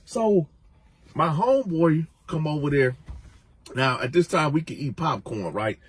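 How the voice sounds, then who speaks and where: A man telling a prison story in a casual, animated way. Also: a little high, unhurried, breathy edge, dry recording. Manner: animated, conversational.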